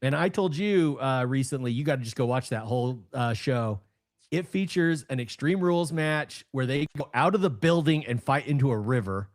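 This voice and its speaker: Podcast co-host, male, 30s, lively pitch, excitable storyteller. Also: normal speed. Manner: animated storyteller, bursts of excited emphasis. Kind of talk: casual podcast chat.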